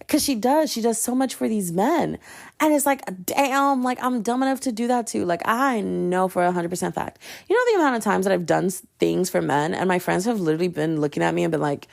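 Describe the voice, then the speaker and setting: A young woman hosting a solo podcast, ranting casually and acting out what other people said, with slangy, animated storytelling. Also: mid-range voice, brisk, gravelly. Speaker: podcast host.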